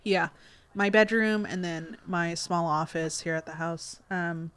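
A woman's voice: lowish voice, little pitch movement, unhurried, fairly bright tone, clean tone. Hesitant woman in casual chat. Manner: hesitant, many ums and restarts, laughs easily. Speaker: podcast co-host.

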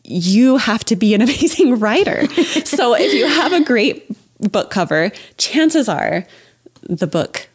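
A woman's voice: fairly high pitch, sing-song, slow, husky. Enthusiastic woman guest on a podcast. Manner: enthusiastic, opinionated, laughs often. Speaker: guest children's book expert. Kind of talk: casual podcast conversation.

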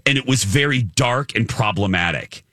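A man's voice: moderate pace, dry recording, clean studio sound. A man co-hosting a casual chat, retelling scenes and acting out quotes with big jumps in his voice. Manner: animated, acts out quotes with big pitch jumps. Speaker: co-host. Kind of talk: casual gossip chat about reality TV.

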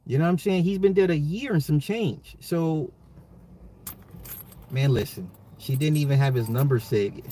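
A man's voice: fairly high pitch, moderate pace, mellow, a little hiss or hum. A man, a father, hosting his own commentary podcast, talking straight to listeners in an emphatic way and often repeating himself. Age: adult, a father. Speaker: podcast host. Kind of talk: solo social commentary podcast.

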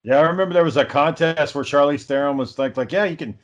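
A man with a slightly high voice tells stories in relaxed podcast chat. He swears casually and laughs along at his own tales. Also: fast talker, muffled recording.

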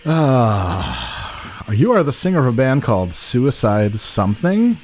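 A man's voice: medium pitch, sing-song, moderate pace, a little mellow. A man co-hosting a comedy podcast, reading personal ads aloud with profanity and mock drama. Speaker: podcast co-host.

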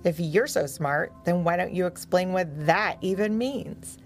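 Storybook hero dog, young and male, quick to fret or fume, read by a woman, slow and lifted. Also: fairly low pitch, soft background music. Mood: indignant.

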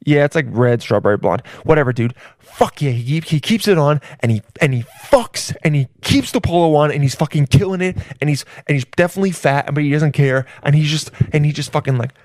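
A man's voice: a little high, lively intonation, fairly quick, hardly any pauses, darkish tone, no room sound, studio quality. A man riffing in a crude comedic ramble, full of restarts and swearing.

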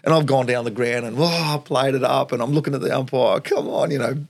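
An Australian man in his forties from Tasmania, a former footballer telling animated stories in an interview, laughing often and acting out what people said. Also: mid-range voice, fast talker, no echo. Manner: animated storyteller, acts out quotes, laughs often. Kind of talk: storytelling interview.

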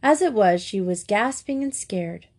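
A woman narrating a classic children's school story in a steady, clear reading voice. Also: mid-range voice, a little slow. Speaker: audiobook reader.

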